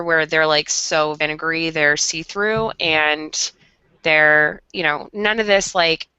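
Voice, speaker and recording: A woman's voice: fairly low pitch, bright, forceful tone, smooth, no room sound. A woman co-hosting a podcast over a video call, rambling in a melodramatic, chatty way. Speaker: podcast co-host. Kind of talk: casual chat.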